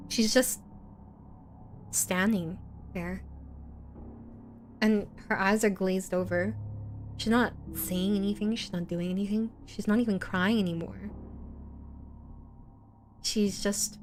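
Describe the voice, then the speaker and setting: A woman streamer narrating an interactive horror story for her viewers as game master, in a playful, teasing way as she reads out chat comments. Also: mid-range voice.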